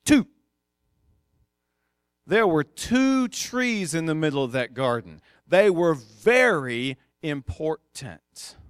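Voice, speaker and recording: A man's voice: on the high side, big pitch swings, slow pace, clear, resonant tone, no echo, studio quality. A male pastor preaching a sermon in a conversational, emphatic way, with casual asides.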